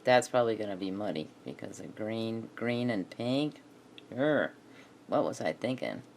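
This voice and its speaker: A woman's voice: a bass voice, expressive, moderate pace, vocal fry, a little mellow, a little hiss or hum. A woman chatting casually to herself while she crafts, muttering and laughing often. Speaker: craft video maker.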